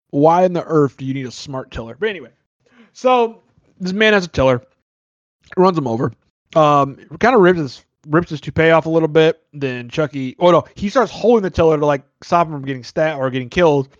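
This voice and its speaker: A fairly high-voiced man talking in a casual movie review chat, animated and incredulous, with some swearing. The recording is dull and lo-fi. The sound is dry and close. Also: no echo. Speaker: podcast co-host.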